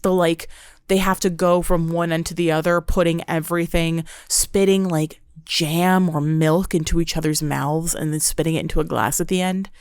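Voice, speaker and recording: A young woman talks through reality-TV drama on her podcast, animated and swearing freely. Her voice sits on the low side, and the sound is dry and close with no room around it. She keeps breaking into quick mimicry of the people she describes. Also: clean tone, no echo. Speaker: podcast host. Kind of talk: casual reality-TV recap monologue.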